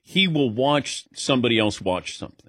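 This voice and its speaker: A man's voice: mid-range voice, moderate pace, husky. A man hosting a radio talk show, chatting casually and animatedly with his co-hosts and calling on them by name. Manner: animated, calls on co-hosts by name, breaks into laughs. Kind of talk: casual studio banter.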